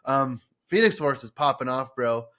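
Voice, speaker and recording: A young man co-hosting a casual gaming podcast, energetic and loose, swearing freely and full of fillers. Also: medium pitch, moderate pace. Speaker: podcast co-host.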